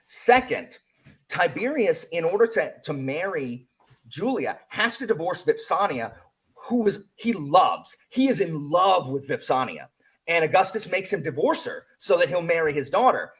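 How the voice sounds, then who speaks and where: A man hosting a casual book club chat, rambling excitedly with lots of fillers and restarts. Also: on the high side, normal speed, husky. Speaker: book channel host.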